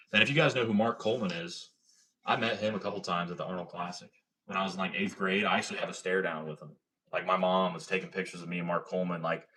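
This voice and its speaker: Low-voiced, bright-toned man chatting on a livestream. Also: slight background noise. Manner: laid-back, profane, slangy, lots of "like" and "bro". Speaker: livestream host. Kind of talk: casual livestream storytelling and chat.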